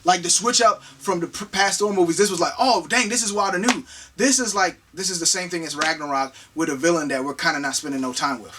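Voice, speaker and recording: High-voiced guy rambling about a movie, slangy, kinda far from the mic. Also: quick pace, hardly any pauses, bright, forceful tone, a little hiss or hum. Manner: rambling, slangy, fond of big words. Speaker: co-host of movie review show. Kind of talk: casual movie review chat.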